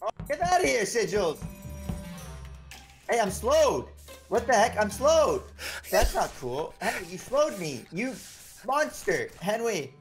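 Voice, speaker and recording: A man in a gaming voice chat shouting indignantly at other players. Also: high-pitched, big pitch swings, takes it slowly, long pauses, faint music behind. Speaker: gamer in voice chat.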